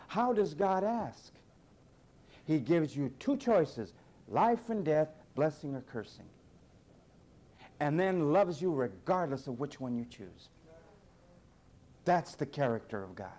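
Emphatic preacher man, mellow tone. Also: mid-range voice. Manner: emphatic, rhetorical questions, swings loud and soft. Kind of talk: sermon.

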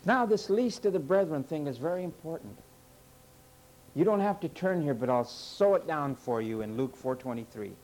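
High-voiced emphatic man preaching. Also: lively intonation, normal speed, a little mellow, poor audio. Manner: emphatic, rhetorical questions to congregation. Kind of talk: sermon. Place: church with parking lot.

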